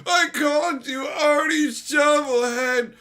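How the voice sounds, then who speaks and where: A man's voice: very high-pitched, slow pace, sharp tone, raised voice, pitched above the performer's own voice, full character voice. A man voicing a guilt-ridden young man who pleads and sobs in an overwrought, melodramatic way. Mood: sobbing.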